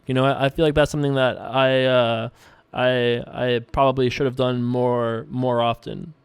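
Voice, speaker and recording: A man's voice: medium pitch, clear, resonant tone, no room sound. A man casually commenting on his online poker hands and answering viewer emails, rambling and thinking aloud with a self-amused tone, from a room at home.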